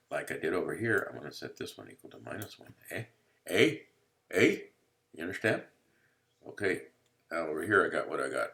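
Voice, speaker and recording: A man's voice: low-pitched, gravelly, fairly bright tone. A male math teacher giving a casual, playful lecture from home. He jokes around and keeps checking in with his listeners. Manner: playful, jokey, keeps checking in with "you see?". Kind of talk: casual screen-recorded lecture.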